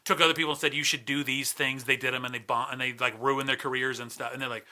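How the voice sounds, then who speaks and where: Fast-talking, bright-voiced ranting man. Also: mid-range voice, level tone. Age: 40s. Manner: profane, ranting, sarcastic. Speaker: guest comedian. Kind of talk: casual podcast chat.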